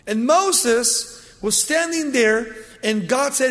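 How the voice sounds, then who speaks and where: A man preaching a sermon, telling the story dramatically and moving between loud and hushed delivery. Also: sits high, measured pace. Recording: long hall reverb.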